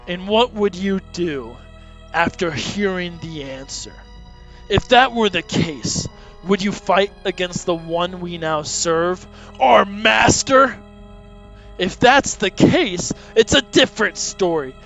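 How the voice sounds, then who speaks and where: A man's voice: high-pitched, takes it slowly, a bit bright, full character voice. A man reading a stern demon warrior. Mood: stern, threatening. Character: huge menacing male demon warrior, blunt. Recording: dull lo-fi audio, faint music.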